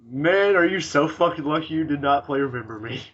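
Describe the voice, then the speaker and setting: A young man hosts a casual gaming podcast, rambling, swearing freely and giggling at his own jokes. His voice is on the high side, animated, a bit bright and a little fast. The audio is dull, with a little hiss or hum.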